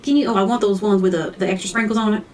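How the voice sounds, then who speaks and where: A woman's voice: medium pitch, steady tone, rapid-fire, a little mellow, distant mic, a little hiss or hum, natural voice. A woman acting out indecisive coffee-shop customers and a barista in a comedy sketch, ordering with lots of hesitant fillers. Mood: eager.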